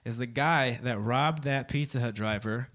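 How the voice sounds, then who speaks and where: A man's voice: mid-range voice, moderate pace, a bit bright. A young man doing a stand-up comedy set on a club stage, swearing freely and laughing at his own jokes.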